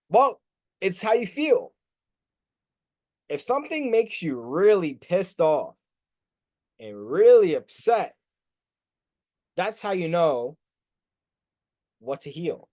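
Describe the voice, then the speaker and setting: A man's voice: a little high, slow, pauses often. A man leading a group coaching class as a spiritual coach, talking casually, swearing freely and acting out his students' inner voices. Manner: animated, rhetorical "right?" checks.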